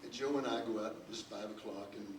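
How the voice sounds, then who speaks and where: A man's voice: lowish voice, fairly even intonation, fairly quick, a crowd in the background. An older man, a guest on a panel, telling a long anecdote with many restarts. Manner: rambling, full of restarts, chuckling storyteller. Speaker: panel guest, record producer. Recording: echoey hall, distant mic, faint ambience.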